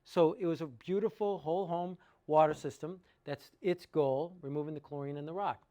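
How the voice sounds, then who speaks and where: A man's voice: a little high, normal speed, mellow. A man giving an informal sales talk about water treatment, working through sums aloud with enthusiasm and rhetorical questions.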